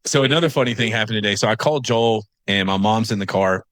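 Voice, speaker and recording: A man's voice: fairly low pitch, quick pace, fairly bright tone, no room sound. A man co-hosting a casual podcast in a studio, telling funny anecdotes with fillers and quoted asides. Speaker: podcast co-host. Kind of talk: casual storytelling.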